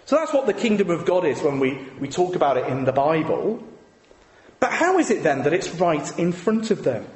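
This preacher speaks on the high side at a moderate pace, sounding very animated. He keeps his church sermon conversational, peppering the congregation with rhetorical tag questions, while the hall echoes with long reverb.

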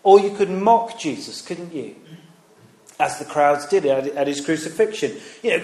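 In an echoey room, a preacher and former teacher gives a conversational sermon, asking rhetorical questions, telling stories, and acting out quoted voices. His voice is fairly high, animated, and a little mellow, at a moderate pace.

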